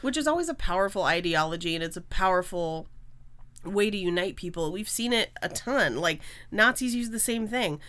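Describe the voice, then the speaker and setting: A woman's voice: lowish voice, lively intonation, moderate pace, a bit bright. A woman in her thirties co-hosting a casual podcast, talking in a blunt, opinionated way and swearing freely. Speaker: podcast co-host. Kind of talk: casual chat.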